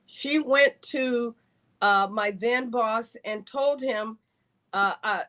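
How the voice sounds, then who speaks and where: A woman's voice: a little high, takes it slowly. A woman, a retired Air Force colonel, telling a long career story in a podcast interview and acting out the voices of the people in it. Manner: animated storyteller, acts out quoted dialogue.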